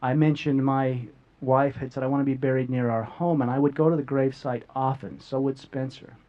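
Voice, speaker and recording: A man's voice: medium pitch, fairly even intonation, fairly quick. A middle-aged man earnestly sharing a personal story as a guest, often repeating words as he goes. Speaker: guest speaker. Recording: dull lo-fi audio.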